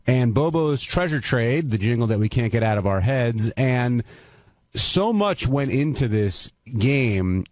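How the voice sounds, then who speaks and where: A man recapping the day's radio show in a lively manner. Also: medium pitch, unhurried, no room sound. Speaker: host.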